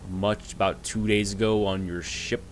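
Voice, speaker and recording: A man voicing a calm, well-dressed male storm giant who speaks slowly, gravely and quietly. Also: on the low side, faint music behind, lightly acted, poor audio.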